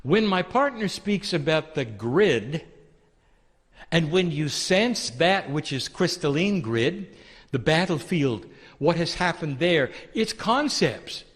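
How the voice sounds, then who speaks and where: A man giving a channeled spiritual teaching, calling listeners "dear one" and asking rhetorical questions in a soft, deliberate way. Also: on the high side, sing-song, big-room sound.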